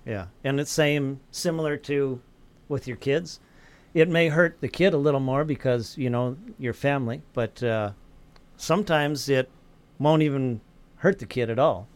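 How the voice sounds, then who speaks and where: Male guest, mid-pitched, calm and advice-giving, relaxed. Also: measured pace. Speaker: guest mentor. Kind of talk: casual round-table talk.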